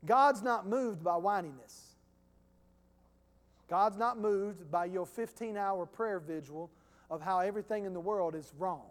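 A male pastor with a notably high voice preaches a sermon, emphatic and repetitive but conversational. His words echo with the long reverb of a church hall. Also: a little slow.

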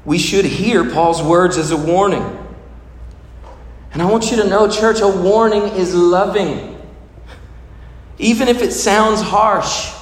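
A man's voice: high-pitched, takes it slowly, long pauses. A man preaching a sermon as a pastor, telling stories dramatically and acting out the voices of the people in them. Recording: echoey hall, faint noise.

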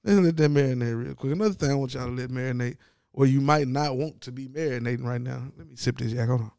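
A man giving a casual, profane sports commentary rant, animated and mocking as he talks. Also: mid-range voice, fast talker, vocal fry, clean tone, no room sound, clean studio sound.

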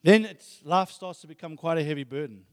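A man's voice: on the high side, brisk. A man preaching a sermon, emphatic, repeating phrases and asking rhetorical questions. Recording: long hall reverb.

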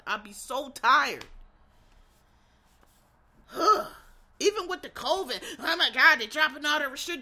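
A woman's voice: high voice, sharp tone. An American woman in a casual, heated rant, blunt and swearing constantly. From United States.

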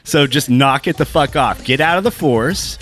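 A man's voice: medium pitch, normal speed, a bit bright, faint music behind. A man co-hosting a podcast, ranting with heavy profanity and emphatic repetition. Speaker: podcast co-host. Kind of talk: casual podcast chat.

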